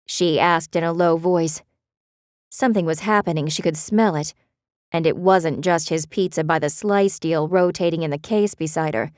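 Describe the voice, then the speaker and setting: A woman narrating a romance audiobook in a steady storytelling manner. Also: on the low side, unhurried, smooth, no room sound, clean studio sound. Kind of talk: scripted narration.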